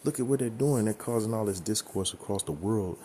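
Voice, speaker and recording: With a fairly low, dark voice and a brisk delivery, a man teaches scripture in a profane, blunt, emphatic style, frequently asking "okay?" and "right?". A little hiss or hum sits under the recording.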